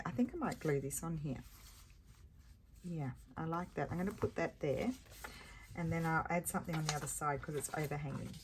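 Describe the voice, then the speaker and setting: A woman with a low, deep-set voice chats away while she glues and trims her pages at the craft table. She rambles easily from thought to thought, filling the gaps with ums and soft laughs. A faint hiss sits under her voice. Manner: rambling, chatty, with frequent fillers and chuckles. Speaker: crafting vlogger. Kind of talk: casual chat while crafting.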